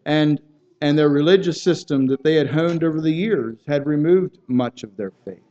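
A man's voice: fairly high pitch, moderate pace, warm tone, lo-fi sound. A man preaching a sermon, earnest and building in intensity, often repeating words and restarting phrases as he goes.

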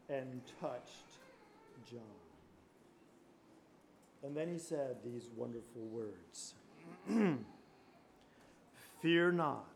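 A man preaching a fervent sermon, reading scripture and swinging from quiet murmurs to shouted praise. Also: mid-range voice, slight background noise. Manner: reads scripture in King James wording.

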